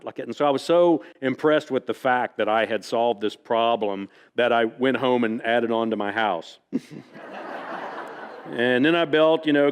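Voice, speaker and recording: A U.S. author with a smooth, medium-pitched voice delivers a storytelling talk full of folksy anecdotes and repeated "like that" asides. The setting is a library event hall, which leaves a long reverb.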